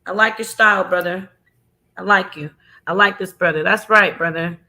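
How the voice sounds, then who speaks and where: A woman hosting a casual livestream, loud and playful, joking with her chat and breaking into sing-song bits. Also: mid-range voice, normal speed. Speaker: livestream host.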